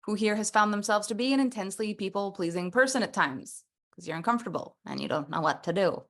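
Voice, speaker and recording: A woman coaching a personal development workshop, animated and playful, acting out little scenes as she teaches. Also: mid-range voice, quick pace.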